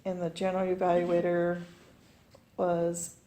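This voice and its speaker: A woman reads out the timings at a club meeting in an unhurried, mellow voice. She chuckles lightly between items. She speaks from a club meeting room. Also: lowish voice, completely flat delivery. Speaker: meeting timer. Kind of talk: reading a timing report.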